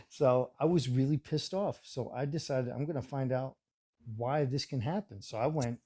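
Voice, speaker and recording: A man's voice: mid-range voice, dark tone. A man in his forties chatting casually on a live stream, telling a story and acting out the voices he quotes.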